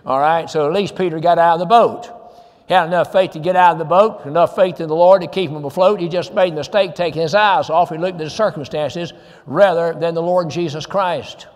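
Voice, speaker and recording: Preacher with a drawl in a hall. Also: male voice, a little high, brisk. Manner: earnest, rhetorical questions, quotes scripture. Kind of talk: sermon.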